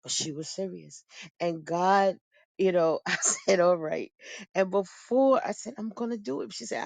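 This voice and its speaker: A middle-aged woman giving a personal testimony in a lively, storytelling way, often breaking into laughter. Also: on the low side, a little slow, creaky, no room sound. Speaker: guest sharing testimony.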